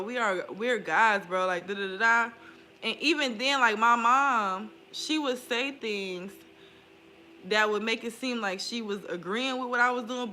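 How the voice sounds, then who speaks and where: A woman's voice: on the high side, sharp tone, slight background noise. A young woman talking candidly in a casual vlog, swearing freely and laughing often. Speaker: spiritual vlogger. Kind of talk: casual confessional chat.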